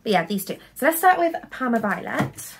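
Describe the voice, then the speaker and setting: A young woman with a slightly high voice chats through a casual haul vlog. She rambles a little and leans on fillers like "so yeah". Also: big pitch swings, fairly quick, a little hiss or hum. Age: young adult. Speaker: vlogger.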